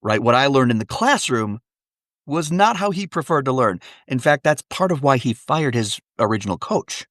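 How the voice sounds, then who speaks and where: A man's voice: mid-range voice, moderate pace, no room sound, clean studio sound. A man from Wisconsin, a dialect coach, telling stories as a guest in a casual interview. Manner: animated, comic storyteller, fond of voices.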